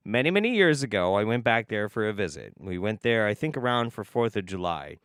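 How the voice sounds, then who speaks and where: A man hosting a casual livestream, talking in an animated, profane way and laughing often. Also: lowish voice, fairly quick, clear, resonant tone, no room sound, studio quality. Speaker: livestream host.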